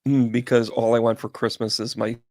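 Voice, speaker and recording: A man hosting a casual livestream chat, chatty and animated, chuckling as he tells stories. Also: medium pitch, fairly quick, no room sound. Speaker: host and medium.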